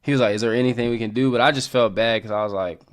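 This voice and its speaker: A young man co-hosting a podcast, talking in a relaxed, rambling way with lots of filler words. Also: mid-range voice, very fast, clean tone. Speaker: podcast co-host. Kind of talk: casual chat.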